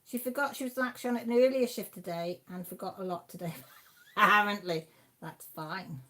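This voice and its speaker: A woman's voice: mid-range voice, moderate pace, fairly bright tone. A woman hosting a craft livestream, chatting casually as she reads out viewer messages and answers them. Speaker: livestream host. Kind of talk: casual chat reading viewer comments.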